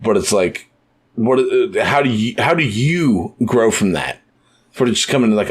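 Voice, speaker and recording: A man's voice: lowish voice, expressive, a little slow, slightly rough. A young man co-hosting a podcast in casual chat, loose and profane, animating scenes with sudden voice shifts. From United States. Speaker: podcast co-host.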